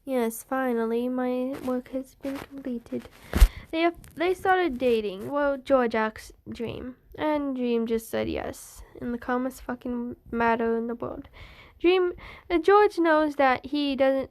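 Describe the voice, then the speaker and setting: Young woman, casual storyteller, rambling delivery, high-pitched and unhurried. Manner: rambling, full of fillers and restarts. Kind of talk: casual fan-story telling.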